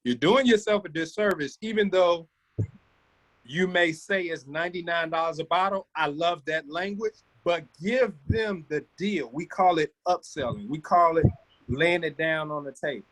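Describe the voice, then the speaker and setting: A man's voice: fairly high pitch, moderate pace, fairly bright tone, low-quality recording. A man leading a sales training, coaching his team with energy and calling on listeners by name.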